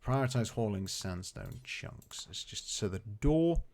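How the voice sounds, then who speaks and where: A man's voice: on the low side, expressive, measured pace, darkish tone. A man streaming a colony game, rambling casually and chatting to his characters and viewers. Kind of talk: casual live gameplay commentary.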